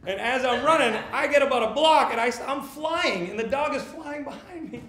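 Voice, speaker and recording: High-voiced comedian on an echoey stage. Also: male voice. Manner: rambling, halting, absurd deadpan storytelling. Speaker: stand-up comedian. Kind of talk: live stand-up set. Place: small theater stage before a live audience. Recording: echoey theater with audience laughter.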